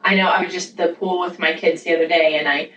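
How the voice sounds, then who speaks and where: A woman hosts a casual parenting chat with eager, affirming energy, often slipping into quoted lines. Her voice sits a little low. The room is echoey with faint noise, and she sounds set back from the microphone. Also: steady tone, fast, a bit bright, far from the mic, highs cut off. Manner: enthusiastic, affirming, acts out quotes. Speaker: podcast host. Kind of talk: casual conversational interview.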